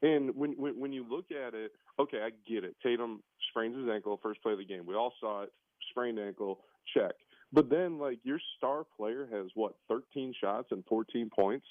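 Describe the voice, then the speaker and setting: Man, coach calling in, chatty and animated, mid-pitched, tinny phone line, dry. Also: moderate pace, no echo. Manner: relaxed, chatty, animated when critiquing. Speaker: basketball coach, guest. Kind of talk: casual phone-in chat.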